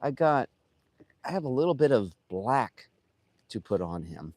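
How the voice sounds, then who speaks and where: A man's voice: medium pitch, very animated, a little slow, a little mellow, no echo. A man who carves wood with a chainsaw, chatting casually on a live stream while he works, rambling and trailing off with lots of fillers.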